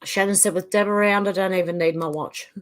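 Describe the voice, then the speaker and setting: A woman's voice: medium pitch, steady tone, a little fast. A woman with an Australian accent, hosting a livestream and casually reading viewers' chat comments aloud in turn. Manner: casual, chatty, reads names and comments in turn. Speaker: livestream host.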